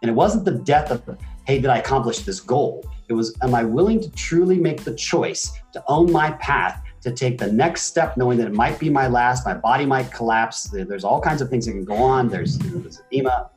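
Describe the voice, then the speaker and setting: A man in his forties, a guest telling stories in an emphatic, animated way. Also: mid-range voice, brisk, faint music behind. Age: 40s. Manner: animated, emphatic storytelling with swings in energy. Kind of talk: motivational interview talk.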